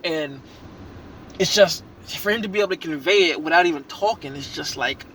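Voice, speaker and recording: A man giving an excited, rambling reaction review of a movie he just saw, full of slang and restarts. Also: on the high side, normal speed, a little hiss or hum.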